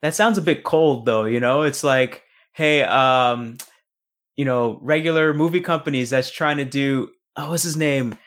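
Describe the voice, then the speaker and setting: A man's voice: medium pitch, unhurried, fairly bright tone. A man co-hosting a casual chat about films, rambling and searching for words. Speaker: podcast co-host.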